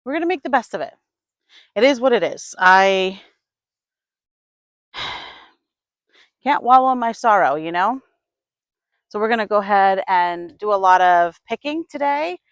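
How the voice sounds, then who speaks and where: A woman from upstate New York talking to her camera while she tends her garden, sighing, hesitant and thinking out loud. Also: mid-range voice, lively intonation, a little slow, pauses often, no room sound. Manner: sighing, hesitant, talks to herself while working. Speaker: gardening vlogger. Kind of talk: casual vlog narration. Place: outdoor garden.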